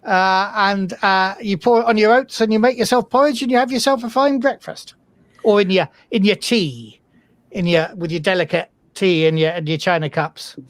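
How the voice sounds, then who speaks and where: A friendly, rambling drayman , put on by a game master, talks about farm life in a West Country accent. The voice sits mid-pitch and sounds dry and close, with no room around it. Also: fairly even intonation, moderate pace, no echo, close to an everyday voice. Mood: chatty. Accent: West Country English. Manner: rambling, folksy, chatty.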